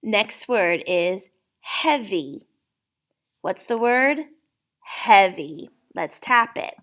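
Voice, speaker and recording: Very slow-speaking woman teaching spelling. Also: mid-range voice, lively intonation, a bit bright. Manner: slow, patient, sounding out words. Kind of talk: spelling lesson for a child.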